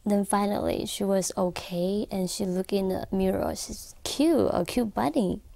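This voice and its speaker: Gravelly woman telling a story. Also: mid-range voice, mellow. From Taiwan. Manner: halting non-native English with frequent fillers. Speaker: guest, accessory designer. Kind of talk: interview storytelling. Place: filming studio.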